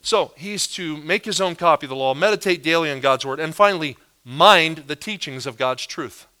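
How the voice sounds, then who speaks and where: A pastor delivering a sermon with a bright, forceful voice that sits a little high for a man. He preaches with animated emphasis, lifting his voice on the words he wants to land. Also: normal speed, clear, resonant tone.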